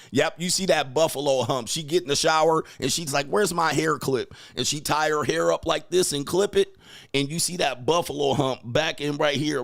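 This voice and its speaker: A man's voice: mid-range voice, vocal fry, a bit bright, no room sound, studio quality. A man hosting a show, ranting crudely, mocking his listeners and breaking into laughter as he acts out their voices. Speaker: podcast host and dating coach. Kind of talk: crude comedic rant.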